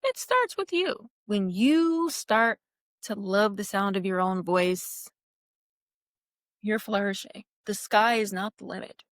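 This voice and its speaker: A woman's voice: mid-range voice, animated, takes it slowly, dry recording, clean studio sound. A young woman hosting her own podcast, talking in a casual, upbeat and encouraging way. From California. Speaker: podcast host. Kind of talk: casual solo podcast talk.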